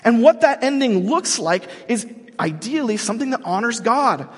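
A man's voice: very high-pitched, very animated, moderate pace, husky. A man preaching a sermon in a casual, joking, storytelling way, as the pastor of the congregation. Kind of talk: conversational sermon. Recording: long hall reverb.

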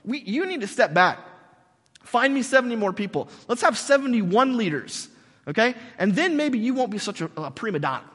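A man's voice: very high-pitched, sing-song, normal speed, a bit bright, voice pushed up, full character voice. A man voicing God as a blunt, sarcastic figure scolding a leader in casual buddy-talk, recorded in a large hall with long reverb.

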